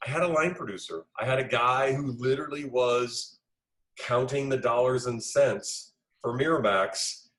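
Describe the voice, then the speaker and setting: A middle-aged man, a film director being interviewed, telling lively anecdotes and acting out the dialogue he quotes. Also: mid-range voice, moderate pace, rough recording. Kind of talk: casual interview storytelling.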